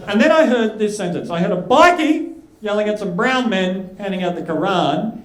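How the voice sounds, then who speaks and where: A man with an Australian accent doing a stand-up routine, telling a story with animated delivery on a comedy club stage. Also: sits high, moderate pace. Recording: echoey club room.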